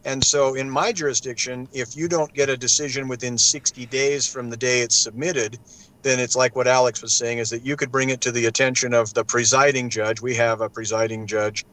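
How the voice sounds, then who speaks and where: A man on a casual video panel, explaining court procedure at an even middle pitch. He slips into animated little impressions of judges and clerks as he goes. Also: a little fast, low-quality recording. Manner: animated, acts out judges in quoted asides.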